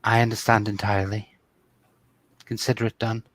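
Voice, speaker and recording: A man's voice: on the low side, little pitch movement, a little hiss or hum, close to an everyday voice, low-quality recording. A man playing a stammering security officer. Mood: dutiful. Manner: stammering, halting.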